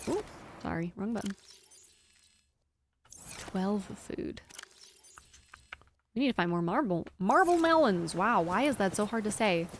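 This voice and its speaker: A woman's voice: mid-range voice, expressive, a little slow, pauses often, slight background noise. A young woman streaming a game live, chatting casually with her viewers in a rambling, giggly way. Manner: rambling, giggly, talks to chat.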